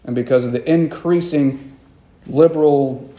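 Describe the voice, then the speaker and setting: A man's voice: a little high, normal speed, warm tone, roomy sound. A man preaching a sermon as pastor, earnest and emphatic, driving points home by repeating them.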